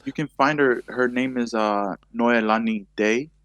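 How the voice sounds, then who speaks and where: A man's voice: mid-range voice, a little slow, fairly bright tone, dry recording. A young man from Tonga, a guest on a podcast, talking casually and hesitantly with frequent fillers. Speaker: podcast guest, filmmaker and photographer. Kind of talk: casual chat.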